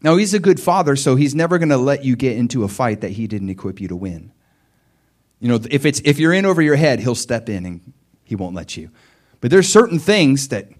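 Animated male preacher. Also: medium pitch. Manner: animated storytelling, swings from soft muttering to loud cries. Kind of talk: sermon.

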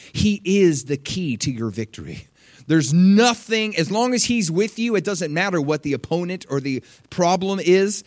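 A young man preaching a sermon in a conversational, animated way, acting out quotes and asking the congregation questions. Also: no room sound, studio quality. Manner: animated, conversational, acts out quotes with big pitch leaps.

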